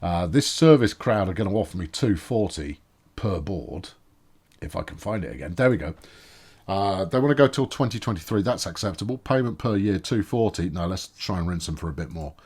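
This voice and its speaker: A lowish male voice that swings widely in pitch, talking his way through a sports management game in a loose, rambling let's-play style. He is dry and self-mocking and keeps restarting his sentences. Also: animated, a little fast, darkish tone, breathy edge. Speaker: gaming video host. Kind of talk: casual let's-play commentary.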